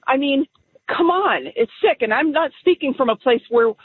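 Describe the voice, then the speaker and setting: A woman's voice: high-pitched, expressive, moderate pace. A woman calling in to a radio show, speaking firmly and from the heart. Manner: firm, heartfelt testimony. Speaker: caller. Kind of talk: call-in radio talk. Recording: tinny phone line.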